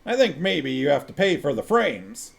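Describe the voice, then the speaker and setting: A man's voice: fairly high pitch, big pitch swings, moderate pace, vocal fry, exaggerated voice. A man voicing a pompous pipe-smoking monarchist who lectures in a ponderous, stolid way. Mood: lecturing.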